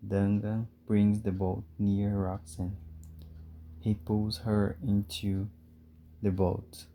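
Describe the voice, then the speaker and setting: A man narrating a simple storybook for learners in a clear, measured way. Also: on the low side, flat delivery, mellow, a little hiss or hum. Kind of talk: slow storybook reading for learners.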